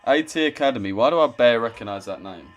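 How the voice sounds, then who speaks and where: A man's voice: medium pitch, expressive, quick pace, faint music behind. A young man chatting casually on a trading live stream, swearing and teasing viewers. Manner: swearing, banters with chat. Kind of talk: casual live-stream chat reading comments.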